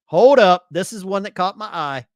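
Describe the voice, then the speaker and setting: A man's voice: high voice, animated, moderate pace, no room sound, muffled recording. A man hosting a casual live stream, reading chat messages aloud with bursts of enthusiasm. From Arkansas.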